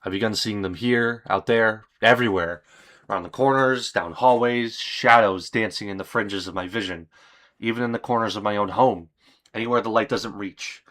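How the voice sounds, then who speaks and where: A man reading as a grim, weary man writing a confession journal, in a solemn, measured way. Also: on the low side, fairly bright tone, close to an everyday voice.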